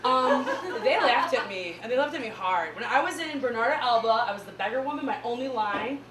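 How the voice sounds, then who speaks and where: Lively Midwestern woman doing stand-up. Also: brisk, crowd noise. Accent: Midwestern American. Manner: animated, laughing, high squeals on punchlines. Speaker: stand-up comedian. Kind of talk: stand-up comedy set. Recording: echoey room with mic far off.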